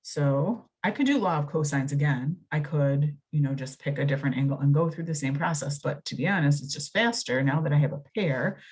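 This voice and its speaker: A woman's voice: a bass voice, a little mellow, breathy edge. A woman, working through a recorded math lesson, chatty and thinking aloud as she corrects herself. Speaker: math teacher.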